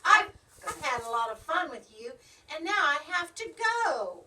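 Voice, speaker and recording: A woman's voice: sits high, big pitch swings, normal speed, bright, forceful tone, full character voice. A woman voicing Muffletup, a cheerful country girl cousin in a storybook, whooping and chanting. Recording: distant mic.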